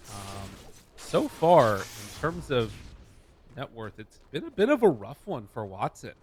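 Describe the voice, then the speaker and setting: A man's voice: mid-range voice, big pitch swings, unhurried, a little hiss or hum. A man calling a live esports match play by play, building up as the action heats.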